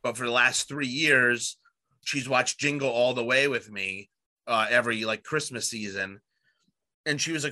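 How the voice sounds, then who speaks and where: A man's voice: medium pitch, moderate pace, sharp tone. A man in his thirties chatting casually on a podcast, rambling with lots of fillers and swearing. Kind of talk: casual chat.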